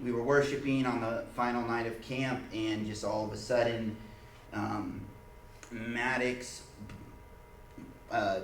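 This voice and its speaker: A man leading an informal church teaching, telling a personal story in an earnest, halting way with many restarts. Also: mid-range voice. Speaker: church group leader. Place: church meeting room. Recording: echoey room, mic far off, faint hiss.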